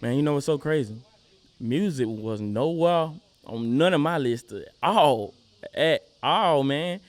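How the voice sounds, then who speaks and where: A man's voice: fairly high pitch, animated, a little slow, no room sound. A young man with a Southern US accent, a rapper talking casually as an interview guest, laid-back and full of "you know what I'm saying".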